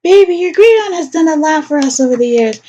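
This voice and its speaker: A woman's voice: high voice, lively intonation, fast talker, dark tone, highs cut off, pitched above the performer's own voice. A woman voicing a clingy, manipulative mother who coaxes her son with pet names. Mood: sweetly controlling. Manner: coaxing, calls him baby and pet names. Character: clingy manipulative doting mother, sickly sweet.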